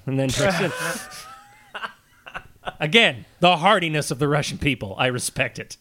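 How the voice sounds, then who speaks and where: A man's voice: a little high, lively intonation, a little slow, noisy background. A man co-hosting a podcast, teasing his friends with wry, dry jokes. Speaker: podcast co-host. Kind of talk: casual comedic chat.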